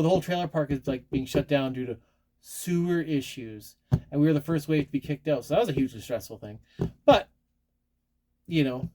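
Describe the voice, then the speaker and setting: A man's voice: on the high side, dark tone. Man, casual collector chat, rambling, self-deprecating, frequent restarts, faint background hiss. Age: adult, married. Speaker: collector showing his latest purchases.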